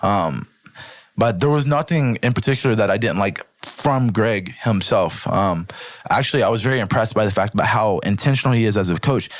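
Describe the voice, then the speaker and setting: A young man as a podcast guest, talking in a casual, animated way and often checking in with "right?". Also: on the low side, fairly quick, dry recording, clean studio sound. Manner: animated storytelling with frequent swearing and "right?" check-ins.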